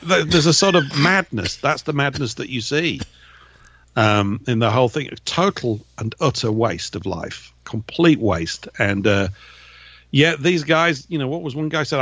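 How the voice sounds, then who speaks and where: An English man chats easily on a radio talk show, his voice gravelly and a little husky. The sound is dry and close, with no room around it. He jokes along and drifts into bits of regional accents. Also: medium pitch, a bit bright, no room sound. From England. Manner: chatty, jokey, drifts into mimicking regional accents. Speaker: co-host. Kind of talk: casual radio chat.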